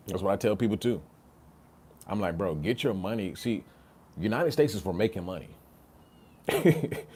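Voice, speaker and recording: A man's voice: low-pitched, a little mellow, slight background noise. A man hosting a casual livestream, reading chat comments and talking in an emphatic, slangy way, repeating himself and tagging his points with "right?". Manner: repetitive, emphatic, slangy, rhetorical "right?" tags.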